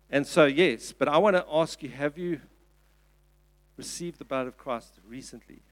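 A man's voice: on the high side, normal speed. A man with a South African accent preaching a sermon in an earnest, emphatic way, often repeating his phrases. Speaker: pastor. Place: church.

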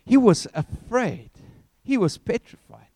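A man preaching a sermon, telling a story with animated, acted-out scenes. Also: high-pitched, a little slow, no echo.

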